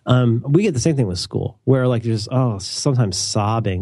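A male podcast host in casual chat, jokey and animated. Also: mid-range voice, moderate pace, dry recording, studio quality.

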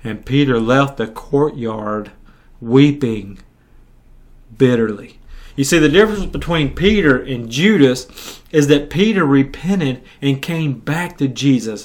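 Male preacher, mid-pitched, conversational storyteller, restarts and repeats words. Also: measured pace. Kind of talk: sermon.

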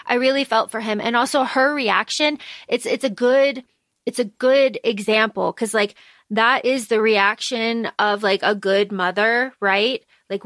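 A woman's voice: a little high, fairly even intonation, unhurried, a bit bright, dry recording. A woman co-hosting a podcast, talking over a book in a loose, chatty way, full of "like" and casual swearing. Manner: chatty, lots of "like", swears freely. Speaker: podcast co-host.

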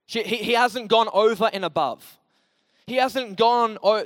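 A man preaching a sermon with passion, swinging from loud emphatic lines to soft, low storytelling. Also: no echo, big-room sound.

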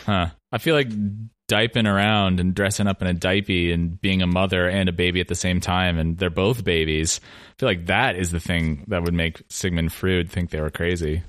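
A man's voice: low-pitched, steady tone, moderate pace, fairly bright tone, no room sound, clean studio sound. A man co-hosting a casual, comedic music chat, joking and laughing often. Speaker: podcast co-host.

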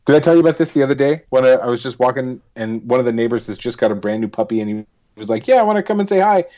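Co-host, man, mid-pitched voice, slightly muffled lo-fi sound, swears freely, casual. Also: fairly even intonation, very fast, dark tone. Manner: swears a lot, laughs while telling stories. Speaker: podcast co-host. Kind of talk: casual chat.

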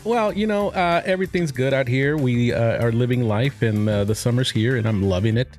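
A man co-hosting a podcast in casual chat, relaxed and full of filler words, asking questions about his friend's story. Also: mid-range voice, brisk, soft background music. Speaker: podcast co-host.

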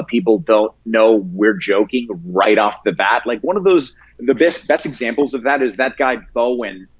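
A man chatting casually as an interview guest, talking in a halting way with many restarts and easy laughter. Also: mid-range voice, slightly rough, dull audio. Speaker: guest, prank video creator.

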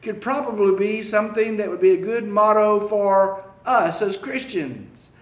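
A man preaching a sermon, slow and halting, often repeating key phrases for emphasis. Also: high-pitched, roomy sound. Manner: slow, halting delivery with frequent fillers and restarts.

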